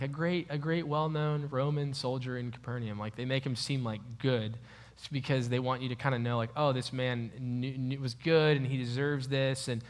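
A man's voice: medium pitch, fairly bright tone. Casual man teaching a Bible passage. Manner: conversational, many fillers and restarts.

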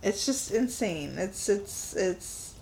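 A woman co-hosting a casual podcast chat, animated and laughing often as she talks through a horror film. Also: medium pitch, slow, gravelly, slight background noise. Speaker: podcast co-host.

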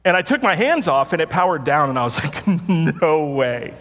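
With soft music in the background, a very animated man preaches briskly in a fairly bright, high-leaning voice. He is a pastor telling a story in a casual, self-deprecating manner and laughing often, before a congregation in a church sanctuary with long hall reverb.

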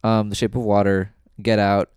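A man co-hosting a podcast, chatting casually and giving opinionated takes with quick asides. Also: lowish voice, flat delivery, a little mellow, smooth, dry recording, studio quality. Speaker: podcast co-host. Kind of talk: casual chat.

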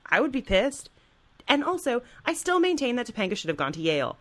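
A woman's voice: on the high side, sing-song, a little fast, a bit bright. A woman co-hosting a podcast, chatting casually and animatedly retelling TV scenes. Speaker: podcast co-host. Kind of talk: casual chat.

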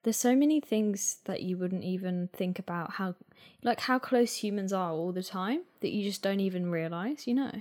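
A woman's voice: mid-range voice, moderate pace, darkish tone. Chatty woman. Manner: chatty, uses "like" a lot. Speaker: podcast co-host. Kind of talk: casual chat.

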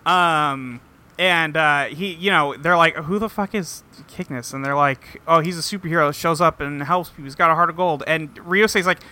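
A man with a very bright, slightly high voice chats casually through a recap of TV episodes. He jumps into quick impressions of the characters and swears offhandedly. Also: fairly even intonation, clear, resonant tone. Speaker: podcast host recapping a show.

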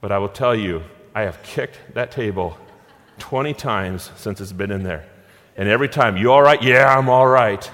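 An earnest male pastor delivers a sermon, leaning on repeated phrases and stories from his own life. His voice sits at an ordinary middle pitch. It rings out with the long reverb of a church hall. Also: fairly bright tone.

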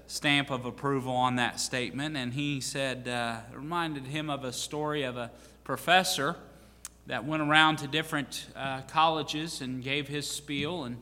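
In a church sanctuary, a male pastor delivers a sermon with church announcements, telling a folksy story full of restarts and fillers. His medium-pitched voice is steady, bright, and forceful at a measured pace, and the hall sounds reverberant.

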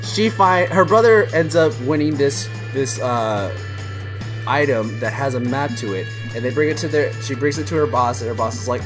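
A young man casually recapping a film on a podcast, animated and laughing as he tells the story. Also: mid-range voice, moderate pace, music in the background.

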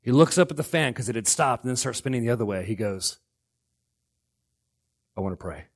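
A middle-aged man preaching a sermon as pastor, swinging between loud outbursts and hushed lines. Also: mid-range voice, animated, quick pace.

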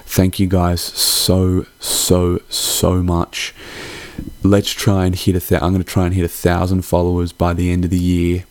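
A man's voice: sits low, completely flat delivery, unhurried, darkish tone, dry recording. A young man hosting a podcast. He gives a casual, heartfelt holiday sign-off that rambles and swears freely. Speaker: podcast host.

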